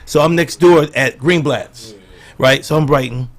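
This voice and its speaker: A middle-aged man and comedian guest, telling animated stories and acting out the quotes in casual podcast banter. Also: fairly high pitch, a little slow. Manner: animated storyteller, acts out quotes. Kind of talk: storytelling banter.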